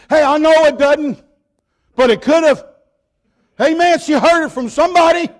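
A man preaching a sermon, telling stories and rising to shouts. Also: very high-pitched, normal speed, long pauses. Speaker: pastor.

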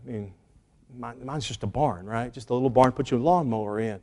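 A man's voice: medium pitch, brisk, a little mellow. A man preaching a sermon, telling a story with emphatic, repeated lines. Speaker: pastor.

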